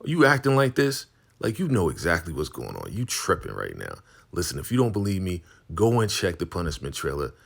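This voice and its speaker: A man's voice: low voice, wildly swooping pitch, fairly quick, creaky, heavily acted. A man voicing a frustrated undercover agent who pleads in exasperation. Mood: exasperated.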